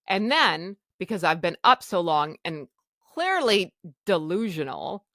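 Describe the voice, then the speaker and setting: A woman's voice: fairly low pitch, very animated, unhurried, fairly bright tone, no echo, studio quality. A woman podcast host candidly telling a personal story in a blunt, self-mocking way.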